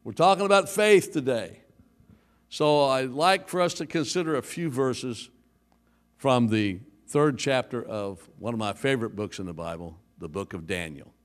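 A man preaching a sermon as pastor, telling jokes and stories in a lively way. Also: mid-range voice, normal speed.

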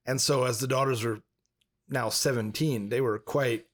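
Male podcast co-host, mid pitch, animated yarn-spinner who pops into loud high character voices. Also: normal speed. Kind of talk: casual chat, telling a long joke.

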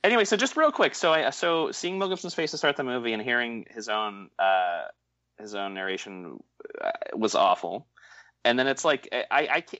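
A man's voice: mid-range voice, big pitch swings, fairly quick, pushed and bright, dry recording. A man co-hosting a casual film podcast, talking in a sarcastic, rambling way and often repeating himself. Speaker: podcast co-host. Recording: dull lo-fi dry sound.

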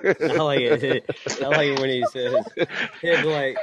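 A man chatting in a slow, teasing way and laughing. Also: mid-range voice, steady tone, a crowd in the background.

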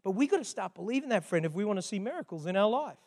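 High-voiced older male preacher. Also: big pitch swings, very fast, a little mellow. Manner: conversational, chatty preaching with frequent asides. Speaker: pastor. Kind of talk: sermon.

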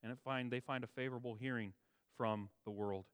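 A man preaching a sermon, stressing key words with a raised voice and dropping to quiet low asides, restating phrases for emphasis. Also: steady tone, a little fast, smooth, no echo. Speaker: pastor.

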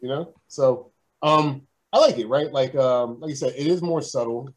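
A man's voice: medium pitch, normal speed, poor audio. Man, podcast co-host, easygoing casual film chat.

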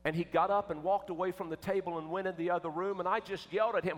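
A man preaching a sermon, emphatic, swinging between loud and hushed. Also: high-pitched, fairly even intonation, fast, hardly any pauses. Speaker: pastor. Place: church sanctuary. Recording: echoey church with long reverb.

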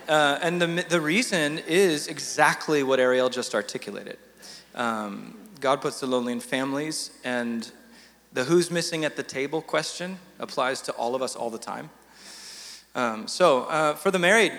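A man's voice: fairly high pitch, fairly bright tone, big-room sound. A man leading a church panel discussion, talking conversationally and often repeating words as he thinks.

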